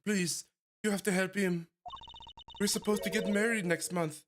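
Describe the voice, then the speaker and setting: A man's voice: high voice, steady tone, normal speed, slight background noise, pitched above the performer's own voice, lightly acted. A man voicing a polite, worried young woman with a put-on French accent while playing a game. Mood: pleading.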